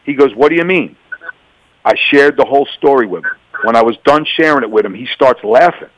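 A man's voice: medium pitch, fairly quick, no echo, poor audio. A middle-aged man from New York giving a personal testimony as a radio interview guest, telling his story and acting out both sides of the dialogue.

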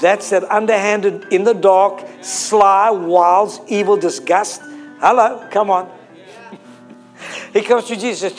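High-voiced guy preaching a sermon, keeps repeating himself for emphasis, quiet music underneath. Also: unhurried. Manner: repetitive, emphatic, calls on the listeners to answer.

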